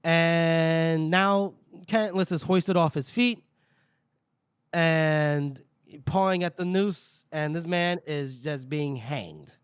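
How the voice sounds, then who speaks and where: A man retells a story for his podcast co-hosts, slipping into quick character voices and swearing freely. His voice sits a little high. The sound is dry and close on the mic. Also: smooth, no echo. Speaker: podcast co-host. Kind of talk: casual book-discussion podcast, retelling chapters.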